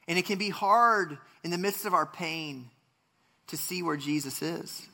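A man's voice: on the high side, unhurried, creaky, sharp tone. A man preaching a sermon, reading scripture and speaking earnestly, with frequent restarts and passionate rises. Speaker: pastor.

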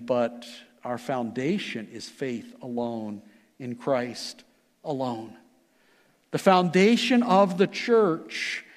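A pastor preaching a sermon in an earnest, emphatic manner that rises and falls. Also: male voice, a little high, long reverb tail. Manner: earnest, emphatic preaching with rising and falling delivery.

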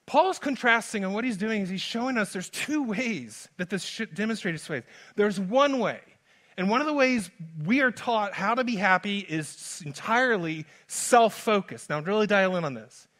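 A man preaching a sermon as pastor, moving from hushed lines to loud, urgent ones. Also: high-pitched, animated, normal speed. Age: adult father. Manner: dynamic preaching, swings from soft to loud.

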